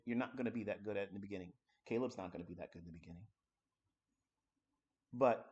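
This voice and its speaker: A man giving a live-streamed trading lesson, talking bluntly and coarsely while working through charts at his computer. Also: medium pitch. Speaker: trading educator.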